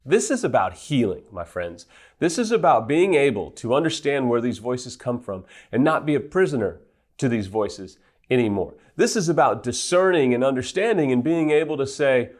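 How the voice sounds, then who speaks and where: A man's voice: mid-range voice, very animated, moderate pace. A man giving an earnest teaching talk as a recovery counselor, stressing his points in lists. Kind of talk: teaching monologue.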